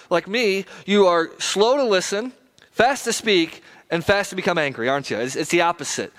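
A man preaching a sermon as pastor, earnest and repetitive, with quick runs of phrases and slow, emphatic beats. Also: high-pitched, a bit bright.

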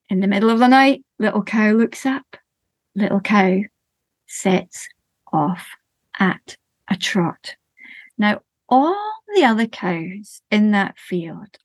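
A woman, a storyteller who tells folk tales in a slow, rhythmic, expressive way and talks about her work as a guest. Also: fairly high pitch, no echo. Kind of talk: oral folk storytelling and interview talk.

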